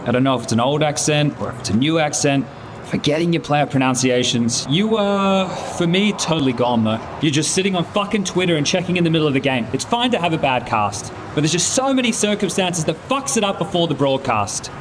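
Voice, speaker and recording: A man with a slightly high voice scolds a colleague in anger, swearing as he goes. Street and traffic noise is clearly heard behind him. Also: expressive, fairly quick. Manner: angry, scolding, heavy swearing.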